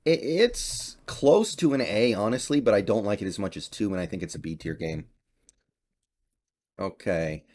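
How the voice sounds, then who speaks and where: A man's voice: lowish voice, animated, moderate pace, darkish tone. A young man giving casual, offhand gaming commentary, thinking aloud as he ranks games. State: slight cough and voice crack. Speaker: gaming YouTuber. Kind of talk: casual tier-list commentary.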